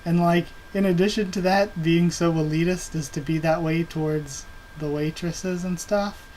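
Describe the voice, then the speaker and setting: A man's voice: on the high side, steady tone, normal speed, a little mellow, slight background noise, rough recording. A man hosting a casual comic reaction video, rambling with lots of fillers and self-corrections.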